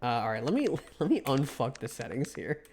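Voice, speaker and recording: A male streamer chats casually through a video game at a middle pitch. His voice swings widely up and down as he jokes, curses and argues with the game. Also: sing-song, brisk, a little mellow, slight background noise. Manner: joking, swears often, talks back to the game. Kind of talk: casual gameplay commentary.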